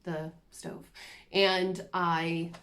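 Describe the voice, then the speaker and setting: Unhurried woman chatting about crafts. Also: on the low side, flat delivery, fairly bright tone. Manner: chatty, self-deprecating, giggly asides. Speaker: cross-stitch vlogger. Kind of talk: casual show-and-tell chat.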